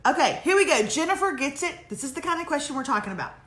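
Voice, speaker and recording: A middle-aged woman hosts a casual live chat, reading out viewer emails while joking, laughing and teasing. Her voice is high and she talks at a racing, animated clip. The room has an echo.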